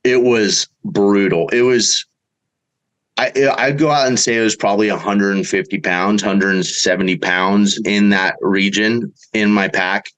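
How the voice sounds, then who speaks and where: A middle-aged man, a bowhunter guest, telling a story in a casual way and acting out the quotes with big jumps in pitch. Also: steady tone, unhurried, a bit bright, low-quality recording.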